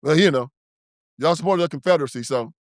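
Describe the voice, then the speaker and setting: A man's voice: fairly high pitch, fast, no echo, studio quality. A man hosting his own show, delivering an emphatic, preachy and confrontational political commentary monologue. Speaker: show host.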